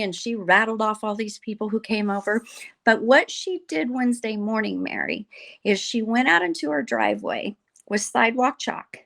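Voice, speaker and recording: A woman speaks in a podcast conversation with earnest feeling. Her voice sits at a middle pitch, and she tells a story in an animated way, slipping into the voices of the people she quotes. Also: vocal fry. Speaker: guest.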